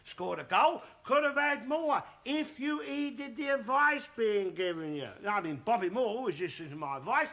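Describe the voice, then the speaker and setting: A loudmouthed old bigot rants and shouts about football. His voice sits very high and cuts sharp and bright. His tone swings up and down as he blusters. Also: lively intonation, normal speed, hardly any pauses, heavily acted. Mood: ranting. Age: older. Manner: blustering, shouting, self-satisfied ranting. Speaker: sitcom character. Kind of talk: studio sitcom acting.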